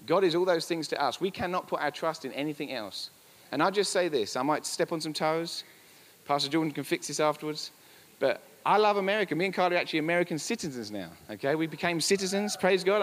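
A man preaches at a fast clip with a slightly raised pitch, hammering his points home by repeating them. His voice rings with the long reverb of a church hall. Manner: emphatic, repetitive preaching with asides. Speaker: pastor. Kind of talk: sermon.

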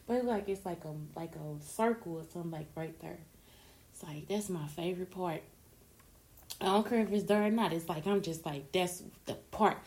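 Gushing, loud young woman ranting. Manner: loud, gushing, swings between shrieks and low murmurs. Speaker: vlogger. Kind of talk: casual rant to viewers.

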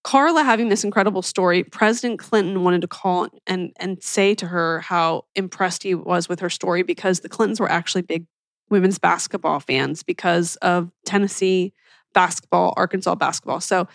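A woman's voice: lowish voice, moderate pace, vocal fry, no echo. Gushing woman podcast host, dry sound. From Philadelphia, US. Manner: gushing, enthusiastic, chatty. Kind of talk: casual chat recommending shows.

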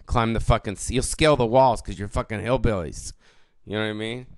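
A man's voice: on the low side, a little fast, clean tone, dry recording. A man of about fifty who hosts a podcast and does stand-up. He rants alone in a rambling, profane way and keeps correcting himself. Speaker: comedian and podcast host. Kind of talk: casual solo podcast rant.

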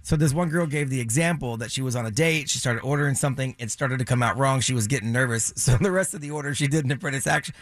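A man's voice: medium pitch, fast talker, few pauses, no room sound. A male radio co-host retelling stories in casual chat, chuckling as he goes. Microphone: studio broadcast mic.

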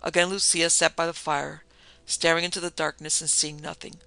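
Gravelly, bright male storyteller. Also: a little high, level tone, normal speed, no room sound. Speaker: narrator. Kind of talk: storybook narration.

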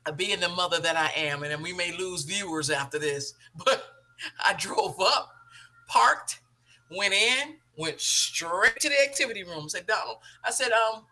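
A middle-aged woman hosts a talk show and tells a family story. Her voice is bright and forceful. She acts out each quoted line as she goes. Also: on the low side, a little slow. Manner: animated storytelling, acting out quoted dialogue.

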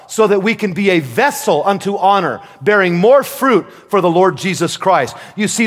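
A man preaching a sermon from the pulpit, telling stories and acting out pleading voices. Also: high voice. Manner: storytelling preacher who acts out voices, rising to fervent pleas. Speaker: pastor. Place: church sanctuary. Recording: long reverb of a church hall.

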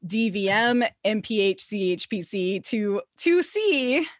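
A woman's voice: medium pitch, sing-song, slow pace, no room sound, clean studio sound. A woman hosting a podcast in casual chat, bubbly and laughing often as she acts out her own thoughts. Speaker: podcast host.

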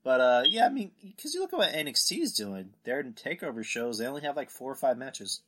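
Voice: medium pitch, very animated, fairly quick, fairly bright tone, no echo. A podcast host chatting casually, enthusiastic and agreeable, often laughing.

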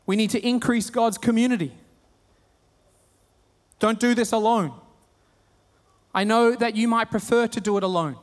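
A man with an Australian accent preaching a sermon, telling stories with humor and animated retellings. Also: high-pitched, moderate pace, long pauses, big-room sound. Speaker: pastor.

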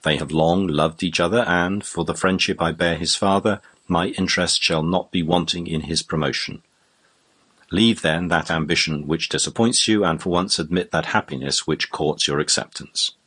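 A man reading the part of a stern, moralizing gentleman baronet, grave and lecturing. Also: low-pitched, fairly even intonation, normal speed, slightly rough. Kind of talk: audiobook character voice.

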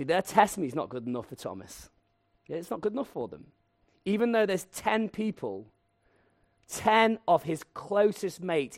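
A man preaching a lively, humorous sermon and acting out voices to tell the story. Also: a little high, dry recording, studio quality.

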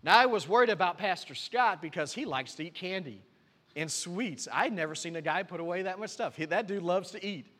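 A man preaches a sermon as a pastor, telling his own story and acting out the conversations in it. His voice sits high and rings bright and forceful. A long reverb from the church hall trails after every phrase. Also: lively intonation, fairly quick. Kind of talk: sermon with personal testimony.

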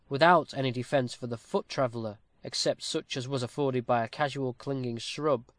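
A man reading a classic novel aloud with a steady, formal storytelling cadence, close to the mic. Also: mid-range voice, dry recording. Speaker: audiobook narrator. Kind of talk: scripted narration of a classic novel.

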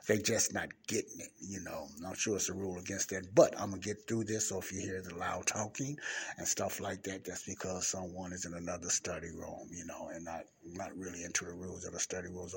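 A man hosting a Christian podcast, talking in a rambling, repetitive way with many fillers, close to the mic in a library study room. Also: low voice. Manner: rambling, repeats words, frequent fillers. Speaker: podcast host. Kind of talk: casual preaching monologue. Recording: faint street noise through window. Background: faint traffic from outside.

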